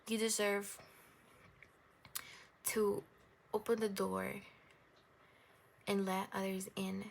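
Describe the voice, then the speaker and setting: A young woman doing a casual tarot reading, rambling gently and reassuringly and laughing at herself. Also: mid-range voice, vocal fry, slight background noise. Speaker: tarot reader.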